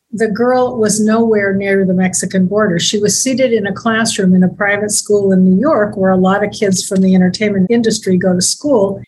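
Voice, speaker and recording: A woman speaking as a deputy district attorney on a public-service talk segment, measured and grave, slowing down when she reads aloud. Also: mid-range voice, a little mellow, slight background noise, poor audio.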